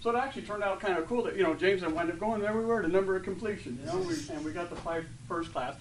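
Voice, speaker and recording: A man in his fifties gives a casual, emotional testimony to a group, stumbling through fillers and restarts before bursting into lively retellings. His voice sits a little high for a man. He is picked up from a distance, with a faint hum of room ambience behind him. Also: racing. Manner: rambling and heartfelt, with many fillers and restarts; gets loud and animated when retelling stories. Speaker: church member sharing a testimony.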